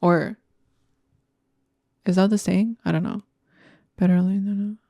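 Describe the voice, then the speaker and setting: A woman's voice: fairly low pitch, fairly even intonation, unhurried, creaky, mellow. Blunt, profane woman podcaster. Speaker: podcast host. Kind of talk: casual solo podcast rant.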